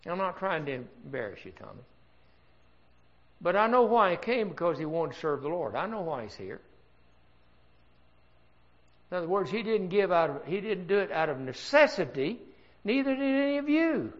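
A man's voice: high-pitched, sing-song, a little fast, lo-fi sound. Older man preaching an earnest sermon. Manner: earnest, conversational preaching with rhetorical questions.

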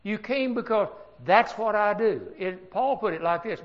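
A man's voice: sits high, sing-song, moderate pace, few pauses, dull audio. An older man preaching an earnest, conversational sermon, asking the congregation rhetorical questions.

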